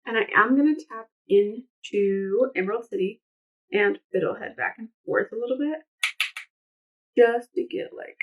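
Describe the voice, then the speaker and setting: A woman's voice: on the high side, unhurried. A young woman chatting casually through a makeup tutorial, rambling into side stories with lots of fillers. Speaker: beauty vlogger. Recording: slightly dull lo-fi sound.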